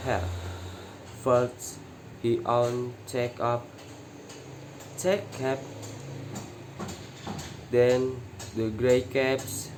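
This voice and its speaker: Very slow male student reader. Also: mid-range voice, poor audio. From Indonesia. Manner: halting, careful reading with self-corrections. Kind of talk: reading a children's story aloud. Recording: steady air-conditioner hum.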